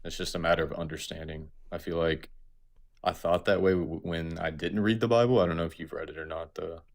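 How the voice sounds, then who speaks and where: A man's voice: low voice, steady tone, fairly quick, creaky. A man in his twenties calling in to a livestream, earnest and a bit rambling. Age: 20s. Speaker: caller. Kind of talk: casual call-in chat.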